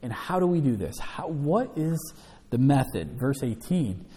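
Animated preacher in a reverberant hall. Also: male voice, medium pitch, unhurried, breathy edge. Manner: emphatic, animated preaching with scripture reading. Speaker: pastor. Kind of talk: sermon, Bible teaching.

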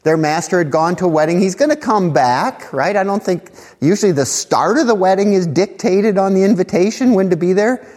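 A man's voice: high voice, lively intonation, a little fast, darkish tone, long reverb tail. A man preaching an expository Bible teaching, conversational, with asides and rhetorical questions. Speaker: pastor.

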